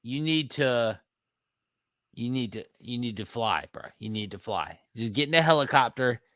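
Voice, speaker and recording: A man's voice: mid-range voice, animated, normal speed, fairly bright tone, dry recording, clean studio sound. A man co-hosting a podcast, telling stories in a laid-back casual chat. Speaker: podcast co-host.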